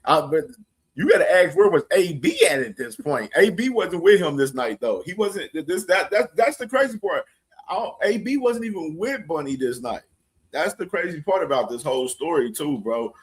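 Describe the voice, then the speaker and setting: A man with a slightly higher voice hosts a casual show. He talks loosely and keeps filling his sentences with "bro". He sends shout-outs and comments on the story. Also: big pitch swings, normal speed. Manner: loose, filler-heavy, repeats "bro". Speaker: show host. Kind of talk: casual chat.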